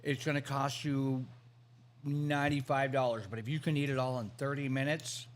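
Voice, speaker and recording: A man's voice: medium pitch, level tone, moderate pace. A man co-hosting a casual food talk show, telling stories with enthusiasm. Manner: storytelling, enthusiastic. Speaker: co-host. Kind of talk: casual chat.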